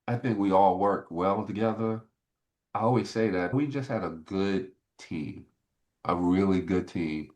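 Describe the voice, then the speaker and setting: Speaking at a measured pace in a low voice, a sixtysomething ex-pro football player recounts stories during a relaxed interview. He gets animated and plays out past conversations.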